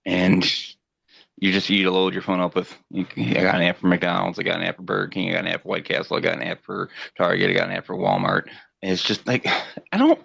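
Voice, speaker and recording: A man's voice: low voice, steady tone, fast talker, gravelly, fairly bright tone, breathy edge, no echo, lo-fi sound. A middle-aged man co-hosting a podcast, chatting casually and ranting with profanity, acting out voices in his stories. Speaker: podcast co-host. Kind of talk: casual chat.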